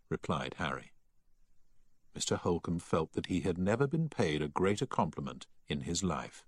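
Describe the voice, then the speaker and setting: A deep-voiced man reads a story aloud with a husky edge and a lively, rising-and-falling delivery. The studio sound is dry and close, with no room around it. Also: moderate pace, no echo. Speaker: audiobook reader. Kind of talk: scripted story narration.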